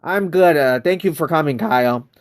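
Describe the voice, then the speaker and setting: A man's voice: fairly high pitch, normal speed. An American man chatting casually on a live game stream, greeting viewers by name and wandering through loose, rambling asides. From United States.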